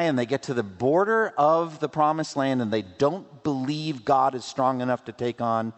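Preaching in a big hall whose long reverb rings around him, a male pastor tosses out rhetorical questions and playful asides. His pitch moves in lively swings.

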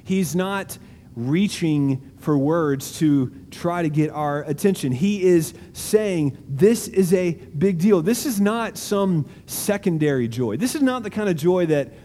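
A male pastor delivers a slow, deliberate sermon in a large auditorium, stressing key words and letting dramatic pauses hang. His slightly high voice sounds warm and mellow. A long hall reverb trails each phrase over faint room ambience and a little hiss or hum.

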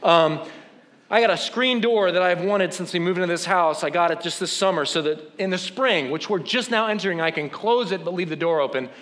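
With a high-sitting voice and a fairly quick pace, a man preaches a comic, self-deprecating tale, acting out the things people told him in an animated way.

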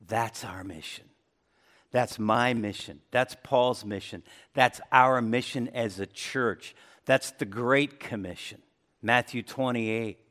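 A man preaching a sermon as pastor to his church, speaking conversationally, then rising in pitch and volume for emphasis. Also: takes it slowly. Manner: conversational preaching, lively swings in pitch and loudness. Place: church sanctuary.

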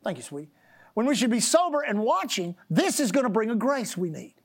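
A woman's voice: a little high, sing-song. Woman preacher leading call-and-response. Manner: calls the congregation to repeat phrases; reads scripture slowly with emphasis. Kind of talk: sermon.

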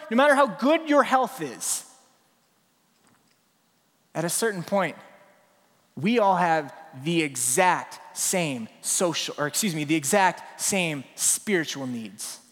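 A man's voice: sits high, slow pace, pauses often. A male pastor preaching a sermon in a church, telling stories and acting out scenes. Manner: animated storytelling, acts out scenes. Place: church sanctuary. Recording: long reverb in a large hall.

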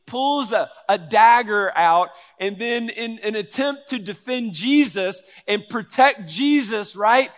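A man with a high voice delivers a relaxed, chatty sermon. He tells it like a story to his congregation, with plenty of fillers and repeats. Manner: conversational and animated, with filler words and repeats. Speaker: pastor.

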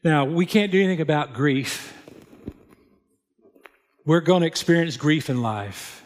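Slightly high and expressive, this preacher's voice carries through long hall reverb. He reads scripture during his sermon, unhurried and plainspoken, sprinkling in folksy asides.

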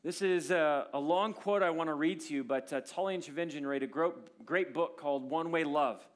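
Pastor, male, fairly high-pitched voice, earnest sermon delivery that swings between punchy emphasis and soft, quiet passages. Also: moderate pace.

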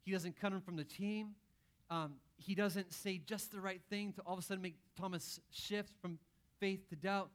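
A man's voice: high voice, fairly even intonation, normal speed. A man preaching a conversational sermon, acting out quotes with playful asides. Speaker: pastor.

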